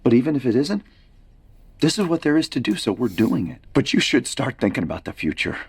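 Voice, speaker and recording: An actress playing a weary mother of a disabled son, giving gentle, frank advice. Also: a bass voice, sing-song, brisk, breathy edge, heavily acted.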